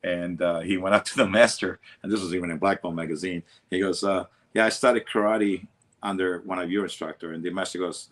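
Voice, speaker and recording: A martial arts instructor with an Italian accent, rambling in casual chat with lots of fillers and laughs. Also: male voice, sits low, fairly even intonation, a little fast.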